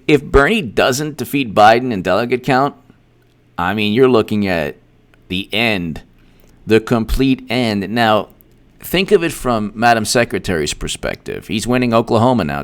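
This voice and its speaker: Male commentary host, lowish voice with big swings, rambling, repetitive delivery. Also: unhurried. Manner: rambling, repetitive, animated asides with laughs. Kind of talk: casual livestream commentary.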